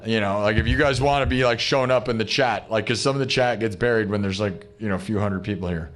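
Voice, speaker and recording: A man's voice: fairly low pitch, fast talker, a little hiss or hum. A man hosting a live music stream, chatting casually with viewers in an upbeat, rambling way, thinking aloud and restarting his sentences. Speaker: livestream musician host.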